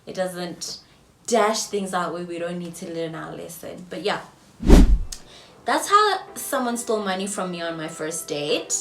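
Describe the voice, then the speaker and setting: A young South African woman in her twenties telling a storytime vlog, swinging between loud outbursts and hushed whispers. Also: lowish voice, animated, unhurried, background noise. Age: 20s. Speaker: vlogger. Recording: roomy echo, mic at a distance, faint ambience.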